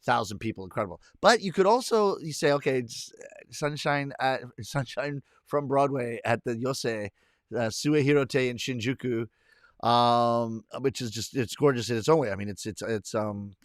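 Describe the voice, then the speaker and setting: A man's voice: mid-range voice, moderate pace, no room sound, clean studio sound. A middle-aged man from Canada, a comedian chatting casually with viewers on a live stream, rambling and correcting himself as he goes. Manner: rambling, self-correcting, chuckling. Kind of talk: casual chat reading viewer comments.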